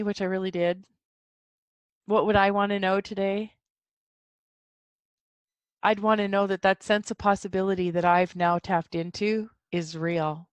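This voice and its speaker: Excitable lady doing a solo self-help podcast, voice jumps way up when she gets going, dry close sound. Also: clear, resonant tone, dry recording. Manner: excitable, swings up high when quoting her own thoughts. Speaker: podcast host.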